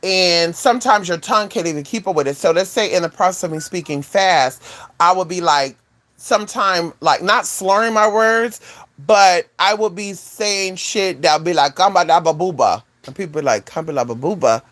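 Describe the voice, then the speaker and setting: A woman vlogger telling a casual story to her viewers, animated, with asides to the audience. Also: normal speed. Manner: animated, swoops high for quoted voices, chatty asides to viewers.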